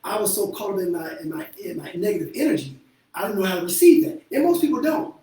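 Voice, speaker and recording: A man's voice: sits high, big pitch swings, quick pace, mellow. A man who works as a therapist, talking candidly and bluntly, with a lot of profanity and frequent laughter. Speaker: show host and therapist. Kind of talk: candid casual talk. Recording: echoey room from far off with faint noise.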